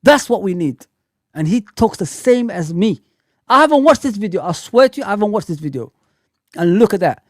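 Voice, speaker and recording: A man hosts a football live stream, his voice sitting a little high and the sound dry and close. He talks in an animated way, repeats himself, and speaks straight to his viewers. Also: brisk, no echo.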